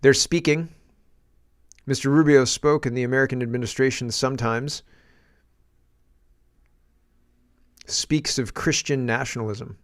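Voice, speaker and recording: A man doing a slow, measured politician. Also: medium pitch, natural voice. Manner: slow, deliberate reading.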